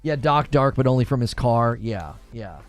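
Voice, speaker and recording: A man hosting a gaming news stream, chatting casually with viewers and reading their comments, animated and quick to laugh. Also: medium pitch, soft background music. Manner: animated, laughs often, thinks aloud with restarts. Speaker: host of a gaming news show.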